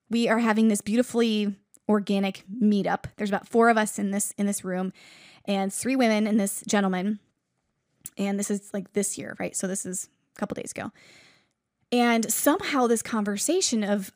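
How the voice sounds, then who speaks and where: A woman's voice: medium pitch, dry recording, clean studio sound. A young woman giving an earnest devotional message, telling a story and making emphatic declarations. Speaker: Christian teacher.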